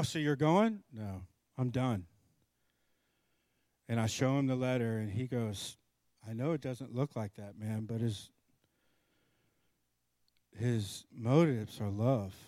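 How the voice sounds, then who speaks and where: A man's voice: medium pitch, takes it slowly, long pauses, no room sound. Middle-aged guy preaching, tells stories, does the voices, dry close mic. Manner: animated storyteller, acts out both sides of dialogue. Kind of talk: storytelling sermon.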